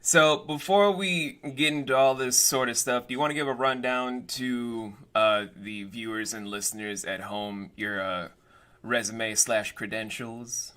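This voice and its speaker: A man hosts a casual interview, tossing in jokes and offhand asides between his questions. His voice is bright and forward, sitting at a middle pitch. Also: steady tone, measured pace, clean tone. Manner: joking, playful asides. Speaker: interview host.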